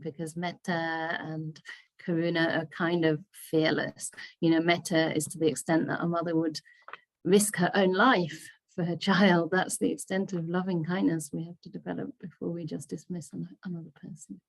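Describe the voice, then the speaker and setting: A Buddhist nun leading a discussion group over a video call, answering questions in a thoughtful, laughing way. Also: female voice, fairly low pitch, moderate pace, vocal fry. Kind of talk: casual teaching discussion.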